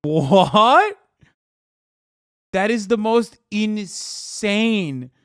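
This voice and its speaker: A man in his thirties reacting on a livestream, incredulous and profane, with loud outbursts. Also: high-pitched, a little slow, smooth, no echo, studio quality. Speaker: streamer reacting to clips.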